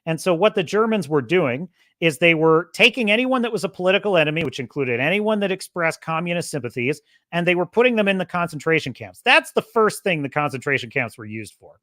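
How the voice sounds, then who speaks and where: A man's voice: on the high side, sing-song, brisk, a bit bright, no echo, studio quality. A man hosting his own podcast, talking in an emphatic, rambling way with many restarts. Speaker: podcast host. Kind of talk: casual opinion monologue.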